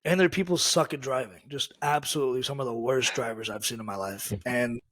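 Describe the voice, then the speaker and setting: A man's voice: medium pitch, fairly quick, a bit bright. A man hosting a podcast, teasing his guests and telling stories in casual chat. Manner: teasing storyteller. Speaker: podcast host.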